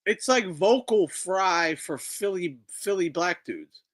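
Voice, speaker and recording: A man's voice: high-pitched, lively intonation, slow pace, fairly bright tone. A man hosting a casual boxing talk livestream, rambling and swearing as he reacts to clips. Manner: profane, rambling, incredulous. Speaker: boxing talk show host. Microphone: streaming microphone.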